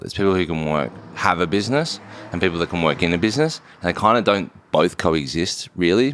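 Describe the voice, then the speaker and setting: Very deep gravelly Australian man. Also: no room sound. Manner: animated, sweary and rambling. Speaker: company founder, podcast guest. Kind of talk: casual podcast conversation.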